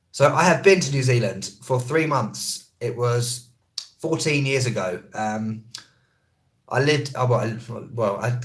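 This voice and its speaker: A man in mid-range pitch rattles through viewer comments on a live stream. He is quick and easygoing, tripping over words and fixing them on the fly, like a traveller who also teaches English. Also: fairly bright tone. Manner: quick, chatty, self-correcting. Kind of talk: casual live-stream chat answering comments.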